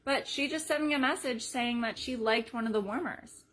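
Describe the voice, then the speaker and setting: A woman leading a sales team in a casual live video, chatty and energetic, retelling conversations as she goes. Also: fairly high pitch, normal speed. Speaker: team leader.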